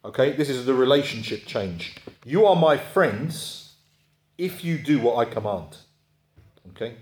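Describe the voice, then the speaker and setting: A man's voice: medium pitch, animated, measured pace. A man preaching a sermon, talking in a conversational way and often checking in with his listeners. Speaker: pastor. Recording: echoey room.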